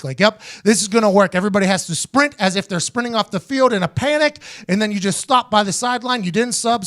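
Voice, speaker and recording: A man in his thirties with an American accent, hosting a casual podcast and telling a story in an animated, profane way, acting out quotes in a raised voice. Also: sits high, no room sound, studio quality. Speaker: host, former punter.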